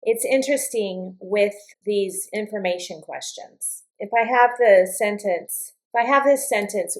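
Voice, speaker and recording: A woman teaching an English vocabulary lesson, speaking slowly and deliberately and modeling question intonation aloud. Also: medium pitch, poor audio.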